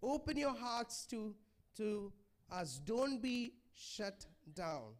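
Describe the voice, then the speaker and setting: A man's voice: sits high, big pitch swings, takes it slowly. A man preaching a sermon in a church, pleading and conversational, often checking in with the congregation. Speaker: pastor.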